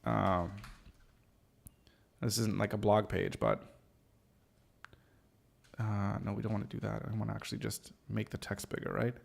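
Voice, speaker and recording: A man's voice: lowish voice, normal speed, gravelly, long pauses. A man with a Canadian accent hosting a casual chat as a web designer, rambling loosely with many fillers and self-mocking laughs. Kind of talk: casual chat while working on screen.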